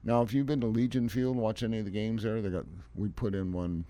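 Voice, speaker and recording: Older man, low-pitched, folksy and emphatic, dry close sound; rambling radio chat about yard work. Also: steady tone, brisk, dark tone, dry recording. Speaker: landscaping guest expert on a radio show.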